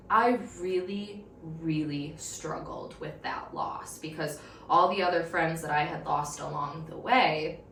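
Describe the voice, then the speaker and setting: A young woman hosting a podcast, telling a personal story in a candid, emotional way. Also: on the low side. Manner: candid, emotional, animated retelling. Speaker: podcast host. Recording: roomy echo, slightly distant mic, faint background noise.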